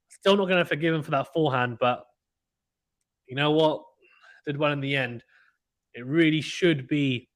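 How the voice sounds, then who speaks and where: A man giving casual, excitable play-by-play commentary of a tennis match from home, chatting with viewers between points. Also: fairly high pitch. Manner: chatty, excitable, reacts loudly to misses. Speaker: live stream commentator.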